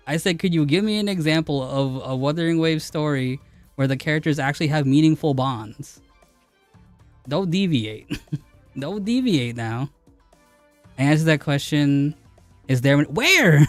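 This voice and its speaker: A man's voice: on the high side, lively intonation, moderate pace, long pauses, dry recording, soft background music. A man streaming a game who argues with his chat, laughing as he challenges them again and again to give him an example. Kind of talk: live stream chat reply.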